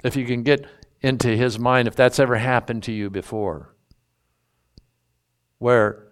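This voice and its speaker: A man preaching a sermon, teaching through a Bible passage in a folksy, emphatic way and drawing out key words. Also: medium pitch. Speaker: pastor.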